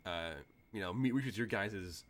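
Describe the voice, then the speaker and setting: A man's voice: lowish voice, a little slow, a bit bright. A man narrating as game master of a tabletop game, rambling with many fillers.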